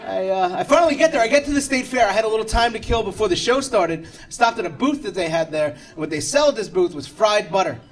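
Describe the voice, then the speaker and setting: A man in his thirties from New York performs stand-up on a comedy club stage, delivering brash, self-deprecating punchlines. His voice sits high and sounds animated, moving at a quick pace with hardly any pauses. Audience laughter can be heard behind him.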